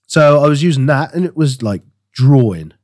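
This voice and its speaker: A man's voice: mid-range voice, expressive, normal speed, darkish tone, dry recording, studio quality. A man co-hosting a podcast, chatting casually and rambling about his woodworking with frequent laughs. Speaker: podcast co-host. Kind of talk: casual chat.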